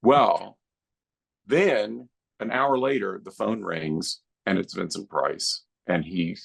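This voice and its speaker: A man's voice: low voice, slow pace, vocal fry. A middle-aged man, a guest filmmaker on a podcast, reminiscing in an earnest, heartfelt way. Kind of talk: podcast interview.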